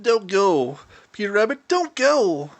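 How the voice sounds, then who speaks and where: A man's voice: high-pitched, expressive, normal speed, a bit bright, no echo. A man voicing a small, frightened male meadow mouse with a fretful, pleading manner. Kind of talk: storybook character voice.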